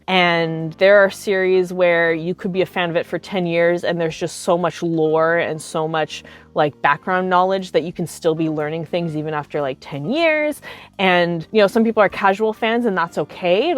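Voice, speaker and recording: A woman in her thirties telling cosplay stories in a casual, chatty way, filling her sentences with "like". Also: on the low side. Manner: chatty, animated, heavy use of filler "like". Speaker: cosplay vlogger. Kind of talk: casual storytime.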